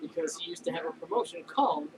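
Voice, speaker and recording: A man with a New York accent co-hosting a casual wrestling podcast, tossing off excitable, laughing remarks. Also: a little high, quick pace. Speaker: podcast co-host. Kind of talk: casual chat watching wrestling. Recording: distant mic with clear background noise.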